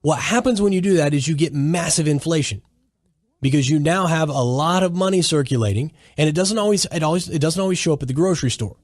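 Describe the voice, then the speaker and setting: A man's voice: fairly high pitch, fast talker, dry recording, clean studio sound. Emphatic man lecturing on a podcast. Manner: emphatic, lecturing, with frequent restarts. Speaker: podcast host. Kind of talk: solo political commentary.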